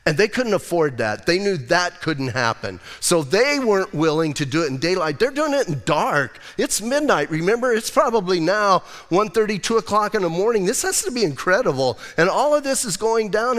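Barely pausing, a pastor with a high-pitched voice preaches at a moderate pace, his jokey, casual sermon full of voiced characters from Bible scenes. He's animated, and the church sanctuary gives the recording a long hall reverb.

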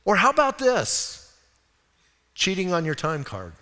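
An older man preaching a sermon as a pastor, telling folksy stories with animated asides. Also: sits high, a little slow, in a large hall. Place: church sanctuary.

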